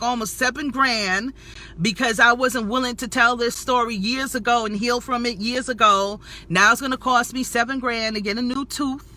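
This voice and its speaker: A woman's voice: fairly high pitch, sharp tone. A woman giving an emotional personal testimony to camera as a health and spirituality vlogger, preachy and affirming, calling her viewers sweetie and y'all.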